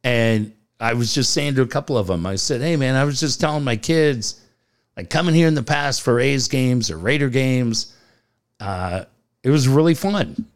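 A man's voice: mid-range voice, normal speed. A middle-aged man co-hosting a podcast, telling stories in casual chat, acting out the dialogue and swearing freely. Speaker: podcast co-host.

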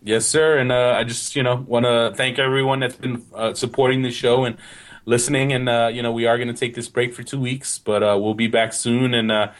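A man's voice: medium pitch, little pitch movement, a little fast. A man co-hosting a casual soccer podcast, rambling with frequent restarts and "you know what?" asides. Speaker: podcast co-host.

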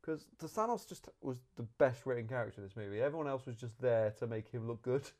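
Talking fast at a medium pitch, this man hosts a podcast and chats loosely about a film. He rambles with animation, frequently breaking off and starting his sentences over.

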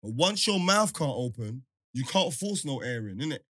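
A young man, telling a story in casual chat, animated and laughing often. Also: mid-range voice, moderate pace, no room sound.

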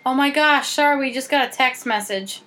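A woman co-hosting a podcast, talking playfully with quick exclamations and jokey impressions. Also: high-pitched, background noise. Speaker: podcast co-host. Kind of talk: casual chat.

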